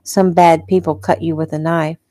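A woman's voice: low-pitched, level tone, moderate pace, mellow, dry recording, studio quality, lightly acted. A woman reading a stubborn little girl. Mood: chatty.

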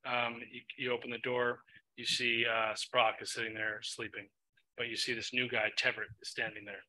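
Bright-voiced man running a tabletop game. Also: mid-range voice, normal speed, low-quality recording. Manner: relaxed, filler-heavy narration with many ums. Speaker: game master.

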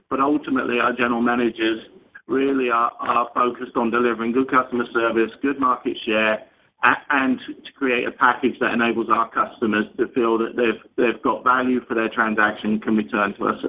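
A man, a company executive answering analyst questions on an earnings call in a measured way with many restarts. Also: medium pitch. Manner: measured, with frequent restarts and fillers. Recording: tinny phone line with faint noise.

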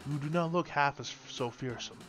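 A man's voice: fairly high pitch, fairly quick, a bit bright, natural voice. A defiant young knight, formal and firm though unsure inside, as a man reads him. Music plays under the voice. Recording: music playing behind.

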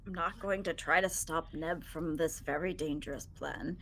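Lower-voiced woman player giving orders. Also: steady tone, normal speed, fairly bright tone, a little hiss or hum, rough recording. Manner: takes charge, gives orders. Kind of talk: casual play at a tabletop game.

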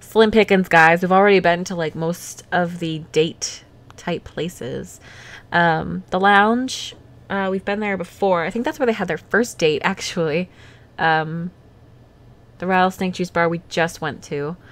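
A woman's voice: fairly low pitch, a little slow. Chatty young woman narrating gameplay. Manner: chatty, filler-heavy, giggly. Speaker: let's play host. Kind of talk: casual gameplay commentary. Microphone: desktop USB microphone.

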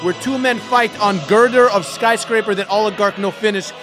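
A man's voice: sits high, steady tone, normal speed, over music, lightly acted. A man voicing a blustering Russian male podcast host who speaks broken English in a put-on Russian accent. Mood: mock-serious. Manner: broken English, bossy, shouting jokes. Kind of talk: comedy podcast sketch.

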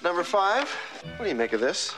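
A woman's voice: lowish voice, very animated, brisk. A woman playing a friendly young woman chatting with a robot. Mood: chatty. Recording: film clip with music behind.

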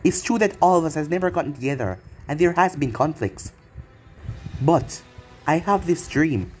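A man reading as a young male ninja leader from a fan storybook, earnest and commanding. The voice sits a little high and stays close to the reader's own, with faint music underneath. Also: expressive, normal speed, darkish tone, close to an everyday voice.

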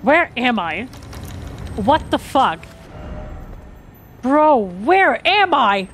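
A woman streamer comments on her game with a very high voice and drawn-out, slow phrasing. She is excitable and swears, half talking to herself. Music plays clearly behind her. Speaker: gaming streamer.

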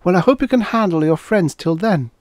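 A man voicing an anxious young woman stranded on a wild planet, high-pitched and pleading. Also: animated, a little fast, a little mellow, no echo, studio quality.

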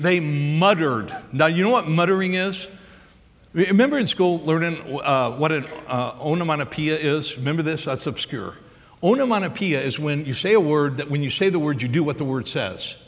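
An American man preaching a sermon as pastor, acting out the story's dialogue with lively energy. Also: fairly high pitch, long reverb tail. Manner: animated preacher, acts out dialogue.

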